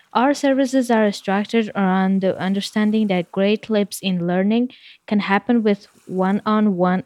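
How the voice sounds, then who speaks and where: A woman's voice: medium pitch, a little mellow, no echo. A woman reading a scripted outro as announcer.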